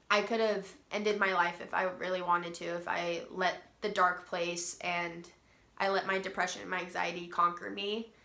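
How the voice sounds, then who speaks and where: Congested from a cold, a young woman vlogs her personal stories in a loose, rambling way, dropping many ums and restarting often. Her voice sits fairly low, creaky and sharp in tone, and the recording carries a roomy echo and faint music.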